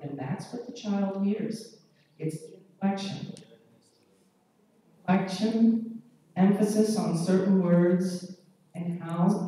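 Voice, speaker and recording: A woman pediatrician giving a measured, explanatory conference lecture and often checking in with the audience. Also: on the low side, dark tone. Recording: echoey hall, mic far off.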